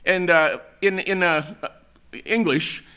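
An older man from the United States delivers a sermon in an easygoing, storytelling manner. His voice is bright and forward, and he often stops to restart a phrase or add a filler. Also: high voice, steady tone, slow, smooth. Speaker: pastor.

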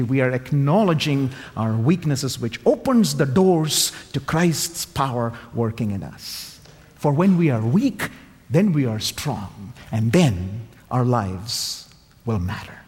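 A man preaching with an emphatic, lively delivery, his pitch rising and falling widely. He repeats key phrases for weight, and his voice carries a long reverb from a large church hall. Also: slow, soft background music. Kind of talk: sermon.

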